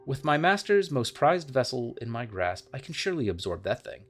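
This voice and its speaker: A man's voice: mid-range voice, sing-song, normal speed, faint music behind, voice pushed up. A man voicing a scheming male demon sage from game lore, read aloud with small slips.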